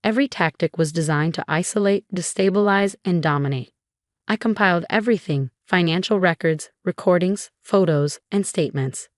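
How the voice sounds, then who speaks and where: A woman with a low voice narrates a dramatic first-person story in an even, measured way. The sound is dry and close, with no room around it. It is scripted storytelling, steady from line to line. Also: no echo.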